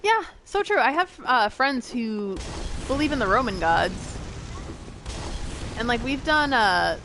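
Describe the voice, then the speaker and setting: Giggling and rambling, a young woman from the US chats with her viewers during a game stream. Her voice is a little high, expressive and a bit bright, and she takes it slowly. Slight background noise can be heard.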